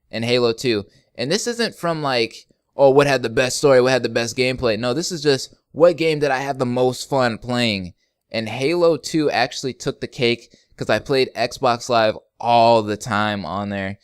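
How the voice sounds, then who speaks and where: A man's voice: mid-range voice, clear, resonant tone, dry recording, studio quality. A young man hosting a casual question-and-answer vlog for his gaming channel, joking and rambling with frequent laughs. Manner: laid-back, joking, rambling, laughs often. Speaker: YouTube gaming channel host.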